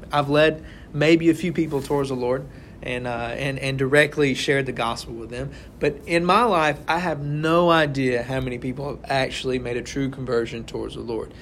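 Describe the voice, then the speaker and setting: A man's voice: mid-range voice, a little fast, fairly bright tone, slight background noise. A young man leading a casual Bible study, talking to the group and checking in with "right?" again and again. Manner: conversational, keeps asking "right?". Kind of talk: informal sermon to a small group.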